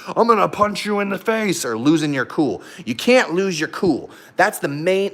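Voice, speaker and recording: A young man chatting casually to camera about his dogs, lively and loud at times, breaking off to talk to his dogs. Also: mid-range voice. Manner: animated and loud at times, talks to his dogs mid-sentence. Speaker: vlogger, husky owner.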